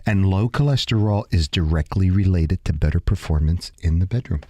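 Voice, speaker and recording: A man hosts a casual radio chat, rattling off studies between halting restarts. His voice is low. The recording is dry and close. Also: dark tone, dry recording. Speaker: radio show host.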